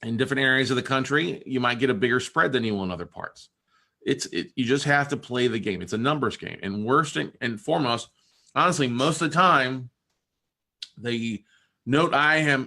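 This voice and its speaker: A man's voice: mid-range voice, gravelly, sharp tone. A man hosting a podcast, telling a deal story in a casual, conversational way, acting out the other people as he goes. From Texas. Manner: conversational, with many restarts and quoted dialogue. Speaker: podcast host and note investor.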